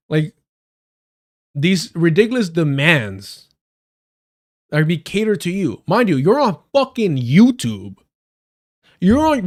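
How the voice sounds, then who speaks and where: Guy ranting on his stream, swears a lot, sarcastic, kinda high voice. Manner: heated, sarcastic, swears often. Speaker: livestream host. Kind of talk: profane political commentary.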